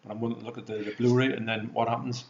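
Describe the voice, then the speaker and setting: A British man speaking as a guest in a relaxed chat, agreeable and quick to chime in. His voice sits at an ordinary mid pitch. The sound is roomy, with a dull lo-fi edge. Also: creaky, a little hiss or hum. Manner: agreeable, chimes in with short replies. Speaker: guest, film collector. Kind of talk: casual chat.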